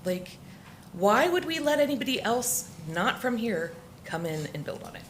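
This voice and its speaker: A woman's voice: a little high, big pitch swings, a little hiss or hum. Emotional woman at public comment. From Florida. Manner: emotional, halting, many restarts. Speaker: resident speaking at public comment. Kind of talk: public comment at a council meeting.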